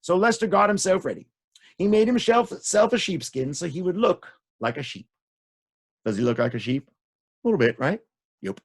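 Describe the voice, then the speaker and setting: A man telling stories to children in an animated, sing-song way, often repeating phrases and talking to the kids. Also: high voice, moderate pace, long pauses, slightly rough. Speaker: children's storyteller.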